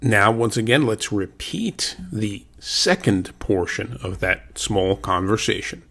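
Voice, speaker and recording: A man leads a language lesson, saying each word slowly and repeating it for listeners to copy. His voice sits a little low and has a gravelly, creaky texture. He keeps an unhurried, patient pace. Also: pushed and bright. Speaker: language teacher.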